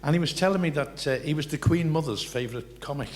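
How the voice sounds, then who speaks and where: An older man with a Liverpool accent telling rambling, salty anecdotes live on stage, building excitement toward each punchline. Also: a little high, fast talker. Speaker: comedian telling stories. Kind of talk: live stand-up storytelling. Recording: echoey live venue, faint noise.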